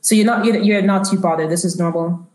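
A woman's voice: mid-range voice, fairly even intonation, fast, a little mellow. A woman narrating a tabletop role-playing game as game master, with a loose, descriptive manner full of fillers. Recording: roomy echo.

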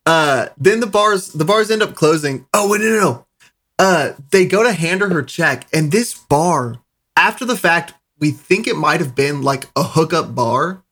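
A man's voice: a little high, animated, a little slow, a bit bright. A man co-hosting a podcast, telling a profane, rambling anecdote in casual chat. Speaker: podcast co-host.

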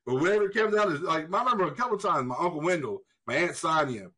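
Animated high-voiced man telling stories. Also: fast, breathy edge, rough recording. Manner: animated, swings pitch up for quoted voices, swears freely. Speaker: podcast co-host. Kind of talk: casual storytelling chat.

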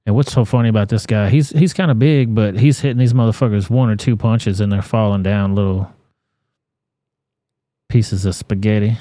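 Crude, mellow-voiced man streaming. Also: fairly low pitch, steady tone, moderate pace, a little hiss or hum. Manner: crude, profane, blunt. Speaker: livestream host. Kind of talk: casual commentary reading chat.

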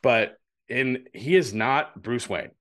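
A man co-hosting a podcast in casual chat, telling stories in a loose, profane, animated way. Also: medium pitch, slow. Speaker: podcast co-host.

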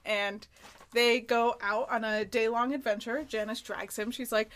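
A woman with a Western New York accent chats through a sitcom recap on a podcast. She speaks in a higher register than most and slips into quick, loose impressions of the characters as she retells scenes. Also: fairly bright tone. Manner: chatty, acts out characters' lines in loose impressions. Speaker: podcast co-host. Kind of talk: casual chat recapping a sitcom episode.

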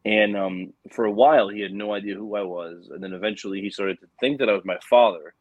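Low-voiced man telling an earnest story. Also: fairly even intonation, quick pace, no room sound, narrow, tinny audio. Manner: earnest, rambling, many restarts. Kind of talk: personal storytelling in casual conversation.

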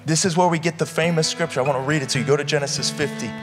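A man's voice: fairly high pitch, steady tone, rapid-fire, long reverb tail, over loud music. A man preaching a sermon to a live congregation, impassioned and firing questions at the listeners. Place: church hall with live congregation.

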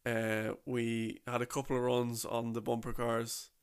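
A man's voice: mid-range voice, completely flat delivery, a little slow, clean tone. A young man telling a rambling, casual story about a trip, full of slang and restarts.

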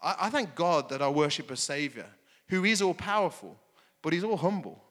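A man preaching to his congregation in an easy, conversational way, tossing in quick check-ins as he goes. His voice sits a little higher than most men's. The sound rings out with a long reverb tail, as in a large hall. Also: sing-song, fairly bright tone. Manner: conversational preaching, frequent "okay?" asides. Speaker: pastor. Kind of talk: sermon.

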